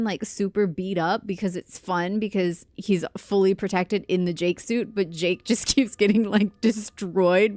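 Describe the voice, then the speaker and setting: A woman's voice: medium pitch, a little mellow, no room sound. A young woman streamer chatting casually and giggling as she plays a game and reacts to chat. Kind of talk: casual livestream chat while gaming.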